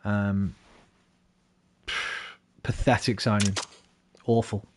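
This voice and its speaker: Here a gaming streamer talks very slowly, his fairly low voice delivered flatly. It's live stream chat over a football management game: he's chatty with viewers, swears freely, and flares up in frustrated outbursts when it goes badly, with noise in the background.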